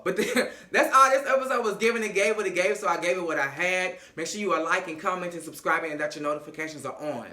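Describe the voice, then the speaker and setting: Sassy, bright-voiced man recapping reality TV. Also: high voice, fast, echoey room. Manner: sassy and animated, acts out the characters' lines. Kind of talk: comedic recap vlog.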